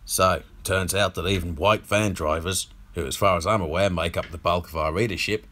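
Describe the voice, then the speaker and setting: A man's voice: deep voice, steady tone, moderate pace, background noise, natural voice. Man doing a gloating, foul-mouthed old media baron. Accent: put-on Australian. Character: crude, sneering elderly male media baron. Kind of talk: comedy podcast monologue.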